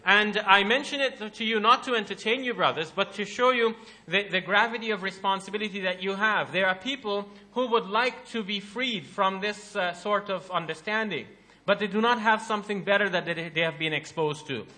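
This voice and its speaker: A man giving a religious lecture to an audience, animated and rhetorical, arguing by asking questions. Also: sits high, normal speed. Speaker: Islamic lecturer.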